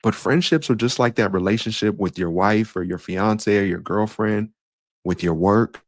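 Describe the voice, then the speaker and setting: A man's voice: lowish voice, moderate pace, dry recording, studio quality. A man hosting a solo podcast as a life coach, talking in an earnest, conversational way with casual slang and frequent restarts.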